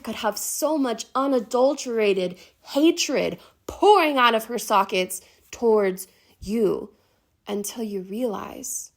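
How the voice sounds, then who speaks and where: Intense, profane woman guiding a meditation. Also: fairly high pitch. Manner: intense, emphatic, with frequent swearing. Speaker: meditation guide. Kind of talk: guided meditation.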